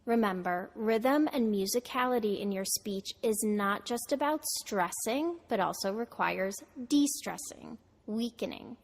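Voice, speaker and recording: Slow, deliberate woman teaching pronunciation. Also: medium pitch. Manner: slow, deliberate, models words for repetition. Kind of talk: scripted lesson narration. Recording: reverberant audio played through a video call.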